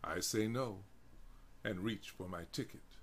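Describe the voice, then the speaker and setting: A man narrating his own first-person prose as a dramatic reading, in a slow, deliberate and vivid delivery. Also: lowish voice. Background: marimba music.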